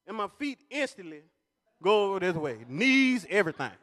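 A man doing animated stand-up comedy at a church service, laughing at his own jokes as he tells stories. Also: sits high, normal speed. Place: large church hall. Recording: long reverb of a large church hall.

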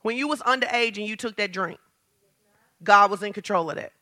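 A woman pastor preaching a lively sermon, asking the congregation questions and building to shouts. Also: medium pitch, a little fast. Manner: talks straight to the congregation with questions.

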